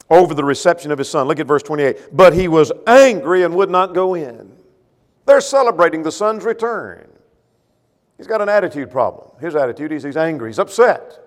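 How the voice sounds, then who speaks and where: A man preaching a sermon, with rhetorical questions and swings between loud emphasis and quiet, low asides. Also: big-room sound.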